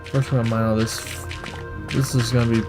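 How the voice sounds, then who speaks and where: A man's voice: mid-range voice, level tone, fairly quick, over music. A young man rambling and joking through casual gameplay commentary. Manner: rambling, joking, self-mocking. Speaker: gaming streamer.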